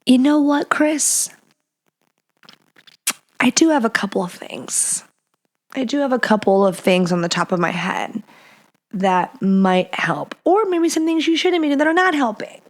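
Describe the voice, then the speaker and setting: A woman's voice: sits high, sing-song, a little slow, pauses often. A woman hosting a podcast, giving frank, playful advice in a casual chat, sometimes dropping into a whisper. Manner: blunt and playful, slips into whispers and acted quotes. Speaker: podcast host.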